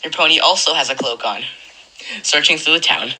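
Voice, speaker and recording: A woman's voice: low-pitched, a little fast, pushed and bright, slight background noise, poor audio. A woman running a tabletop game as game master, rambling and correcting herself as she narrates. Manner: rambling, self-correcting, laughs often.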